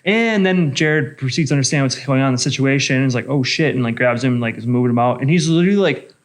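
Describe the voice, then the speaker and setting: A man, a bartender, telling a bar story in casual chat, profane and animated. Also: mid-range voice, quick pace. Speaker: bartender and podcast co-host.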